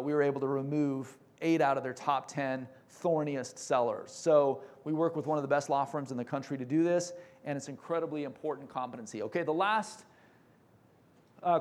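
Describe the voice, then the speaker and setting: A man giving an energetic business presentation, joking now and then and using fillers. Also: on the high side. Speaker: company presenter.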